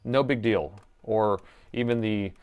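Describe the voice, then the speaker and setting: A man's voice: lowish voice, slow pace, muffled recording, slight background noise. Chatty middle-aged man talking through a repair. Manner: casual, thinks aloud while working, chatty asides to viewers. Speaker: repair technician and stream host. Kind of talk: live-streamed repair commentary.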